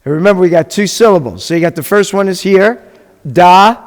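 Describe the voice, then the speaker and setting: A man's voice: sits high, quick pace, a little mellow. A man teaching a beginners' class as a rabbi, talking casually and stopping often to ask his students questions. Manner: patient, chatty, asks the class questions. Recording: long hall reverb.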